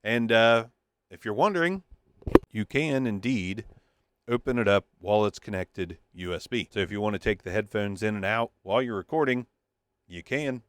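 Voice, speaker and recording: Low-voiced man reviewing a mic. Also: normal speed, slight background noise. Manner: joking, thinking aloud as he tests. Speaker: microphone reviewer. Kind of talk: casual gear review. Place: home recording studio. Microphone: testing a handheld wireless mic.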